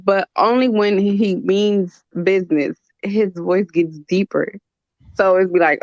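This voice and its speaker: A woman with a gravelly, creaky voice hosts a casual chat, blunt and full of laughter. The sound is dull and lo-fi, close and dry. She tells her stories with lively energy. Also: mid-range voice, moderate pace, no echo. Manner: blunt, laughing, animated storytelling. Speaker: channel host.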